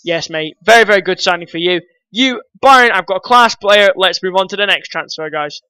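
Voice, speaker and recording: A man's voice: high-pitched, brisk, sharp tone, smooth, no room sound, poor audio. A man vlogging casual football commentary, rambling and opinionated, talking straight to his viewers.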